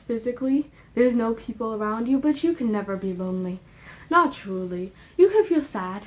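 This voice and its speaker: A young female faith vlogger with a high voice addresses her viewers directly in an emotional, impassioned religious monologue. She is earnest and repeats her points with rising emphasis, getting louder and higher. Between the heavier moments she slips easily into casual slang asides.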